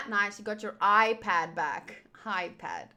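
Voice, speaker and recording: A woman YouTuber reads a comic aloud, chatting casually and rambling as she comments on it. Her medium-pitched voice is slow with a sharp tone, and she's chatty with many fillers.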